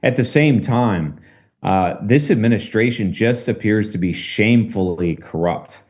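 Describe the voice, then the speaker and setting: A man with a lowish voice speaking in a casual political discussion. He builds his points steadily and leans on rhetorical questions. His delivery is measured but emphatic. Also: a little mellow. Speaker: political commentator.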